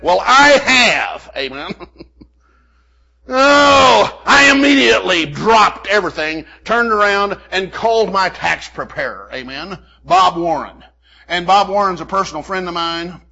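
A man's voice: on the high side, bright, forceful tone. An older man preaching a sermon, telling a folksy personal story full of "amen" and "you know" asides. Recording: muffled lo-fi recording.

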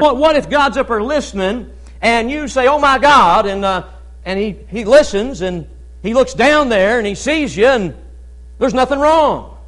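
A male pastor preaching a Baptist sermon in a conversational way, often asking "amen?" and pausing with "uh". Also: very high voice.

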